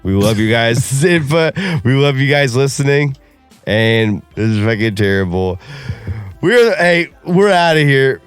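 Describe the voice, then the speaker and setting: A man's voice: mid-range voice, animated, unhurried, smooth, soft background music. Young male podcast co-host, crude and profane, laughs a lot, resonant voice. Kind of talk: crude casual podcast banter.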